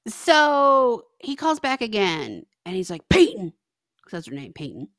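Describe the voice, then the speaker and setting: A woman's voice: mid-range voice, huge pitch swings, a little slow, fairly bright tone, no room sound, studio quality. A young adult woman co-hosting a podcast, telling a story in casual chat and acting out both sides of phone calls. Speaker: podcast co-host.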